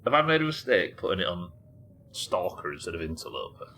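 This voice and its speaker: A man's voice: sits low, big pitch swings, a little fast, pushed and bright, slight background noise, low-quality recording. A man chatting casually and swearing while he talks through a game on a live stream. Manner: chatty, swearing, thinking aloud. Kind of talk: casual gameplay commentary.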